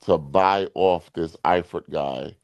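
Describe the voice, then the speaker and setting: A man hosting a boxing podcast in casual chat, blunt and profane, talking in quick bursts. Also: sits low, a little mellow, no room sound, highs cut off.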